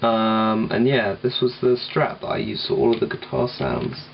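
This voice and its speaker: A man's voice: mid-range voice, steady tone, normal speed, creaky, dull audio, slight background noise. A man casually explaining how he made his song at home, rambling and self-deprecating, with lots of ums and restarts. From England. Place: home room with guitar gear.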